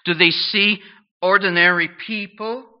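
A man preaching a sermon in an earnest, questioning way, pausing between phrases. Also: high voice, fairly even intonation. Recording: dull lo-fi sound.

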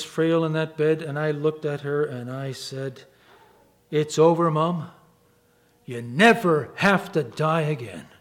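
A man preaching a sermon, telling stories with lively delivery and acting out quoted voices. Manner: animated storytelling, acts out quoted voices with wide pitch swings.

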